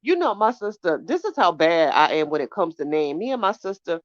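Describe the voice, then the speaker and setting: Woman podcast host, lower-pitched, blunt and profane gossip talk, dull lo-fi dry recording. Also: very animated, fairly quick, no room sound. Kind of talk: casual chat reacting to live chat.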